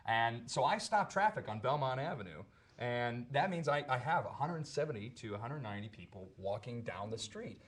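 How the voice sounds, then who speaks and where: A man, an actor playing a groom in a stage show, telling an animated story on a talk show and acting out the shouted exchanges. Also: mid-range voice, moderate pace, breathy edge.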